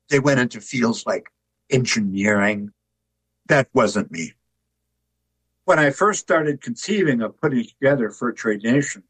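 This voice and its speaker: An older man, an author and artist, telling stories in a relaxed, folksy interview. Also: mid-range voice, husky, dry recording, rough recording. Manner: folksy, tells jokes with put-on voices.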